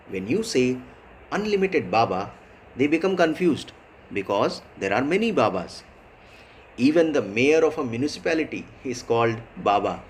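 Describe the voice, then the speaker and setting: A man with an Indian English accent reading a devotional lesson, slow and measured, repeating key points for emphasis. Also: medium pitch, a little hiss or hum, low-quality recording. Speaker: spiritual teacher reading a daily lesson.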